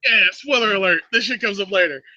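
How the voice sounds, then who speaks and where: A man hosting a casual chat, recapping a film plot as an animated storyteller. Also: fairly quick, dry recording, dull audio. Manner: animated storyteller, drops into a creepy low voice for quotes. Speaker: podcast host recapping a movie.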